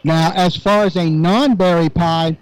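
An easygoing male radio co-host in relaxed on-air chat. His voice is fairly high, and he answers often with short nods of agreement. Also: measured pace, low-quality recording.

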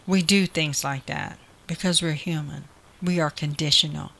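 A woman with a bright, forceful voice delivers a sermon. She preaches earnestly, repeating her points and building emphasis as she goes. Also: low voice, steady tone, moderate pace, gravelly. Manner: earnest, repetitive preaching with rising emphatic quotes.

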